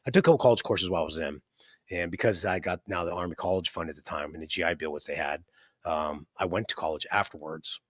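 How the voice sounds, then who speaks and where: In a low-pitched, a bit bright voice, a man in his fifties speaks fast on a studio-quality recording with no echo. The entrepreneur guest rambles as he shares his life story conversationally, with many fillers and restarts and a frequent "right?"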